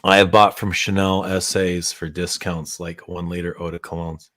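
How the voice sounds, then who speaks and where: A man hosts a late-night livestream in a relaxed, drawling chat. His voice sits very low and deep, and he laughs often. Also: moderate pace. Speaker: perfume brand owner hosting a livestream.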